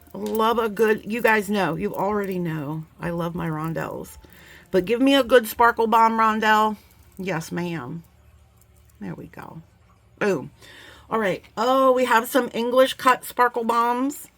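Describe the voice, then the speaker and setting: A woman's voice: medium pitch, dry recording. A woman hosting a casual bead unboxing, bubbly and gushing, who rambles off into side stories before pulling back to the beads. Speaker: bead box unboxing host.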